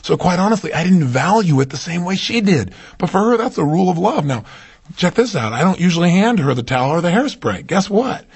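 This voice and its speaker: A man giving a motivational seminar talk, animated and full of rhetorical questions to his audience. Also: high-pitched, brisk, vocal fry, husky. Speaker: motivational speaker.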